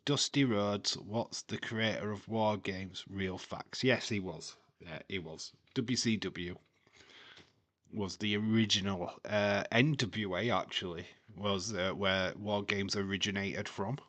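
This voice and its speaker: A man's voice: on the low side, fairly bright tone, no echo. A man hosting a live watch-along stream, chatting casually to his viewers and laughing often as he rambles through jokey tangents.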